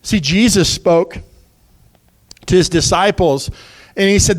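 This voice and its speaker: High-voiced preaching man. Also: takes it slowly, pauses often. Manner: earnest, urgent preaching with conversational asides. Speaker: pastor. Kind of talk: sermon.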